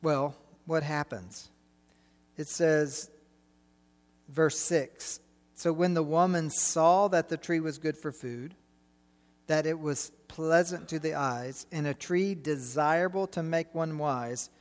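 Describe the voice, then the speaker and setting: In a big hall, a middle-aged man gives a lively sermon, his voice sitting on the higher side. He keeps firing rhetorical questions at the congregation.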